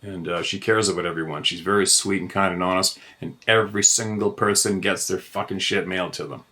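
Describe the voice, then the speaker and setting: A man's voice: sits low, steady tone, a little fast, sharp tone. A middle-aged man hosting his own show, ranting in a heated, profane monologue. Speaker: host. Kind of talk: angry monologue.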